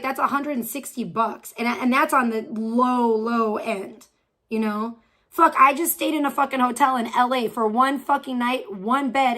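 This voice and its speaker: A woman's voice: a little high, fairly bright tone. A woman live-streaming from home, reacting to another stream with profane, mocking, sarcastic commentary.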